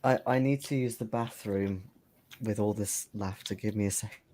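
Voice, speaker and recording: A man's voice: lowish voice, steady tone, normal speed, mellow. A man running a tabletop game, teasing his players in casual chat.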